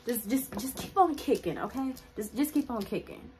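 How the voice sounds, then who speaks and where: A woman telling a personal story to her viewers in a casual vlog, animated and chatty, filling her talk with "like". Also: fairly high pitch, moderate pace, rough recording. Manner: animated, chatty, heavy use of "like", talks straight to viewers. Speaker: vlogger.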